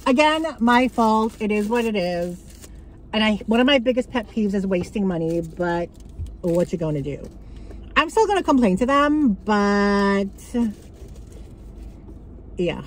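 A woman from Canada, talking casually and bluntly to her viewers on a handheld phone, swearing freely and swinging between excitement and annoyance. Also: fairly high pitch, a little slow, pauses often, a little hiss or hum, rough recording. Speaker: vlogger. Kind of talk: casual vlog chat. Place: car and grocery store.

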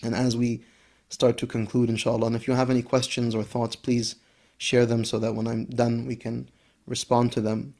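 A man, an Islamic scholar, giving a reflective religious lesson. He recites Arabic verses briskly, then explains them slowly and emphatically, sometimes dropping to a hushed voice. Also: medium pitch. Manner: expressive, shifts between brisk Arabic recitation and slow, emphatic English; drops to a soft, hushed voice at key points.

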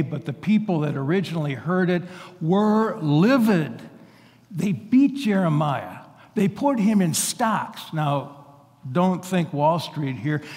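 A man's voice: high-pitched, darkish tone, long reverb tail. A male pastor preaching an earnest, emphatic sermon, often restarting his words. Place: large church sanctuary.

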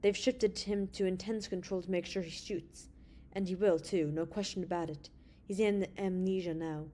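Woman doing a calm male space hero, measured and steady, mellow voice. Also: fairly low pitch, lightly acted.

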